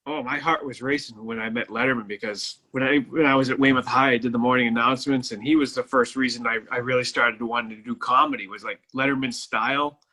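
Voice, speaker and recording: Wry man with a bright voice. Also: medium pitch, steady tone, fast talker, hardly any pauses. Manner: wry, self-deprecating, laughs at own jokes. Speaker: comedian guest. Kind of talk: casual chat.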